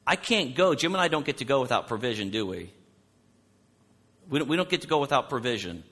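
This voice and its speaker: A man preaching with a bright, forceful voice, loud and animated as he tells his stories. His voice carries through a church hall with a long reverb trailing behind each phrase. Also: medium pitch, brisk. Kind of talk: sermon.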